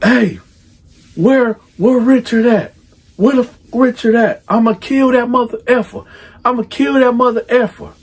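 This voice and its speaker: A man voicing an enraged birth father who shouts threats and curses, voice pushed up high. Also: a little slow. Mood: furious. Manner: yelling, cursing, threatening.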